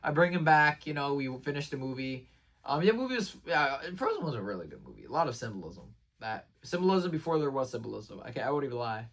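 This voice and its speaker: A man recapping his day in a casual vlog, rambling and excitable, with lots of fillers and restarted sentences. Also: medium pitch, fast talker, far from the mic. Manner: rambling, filler-heavy, says "like" and "bro" constantly. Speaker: vlogger.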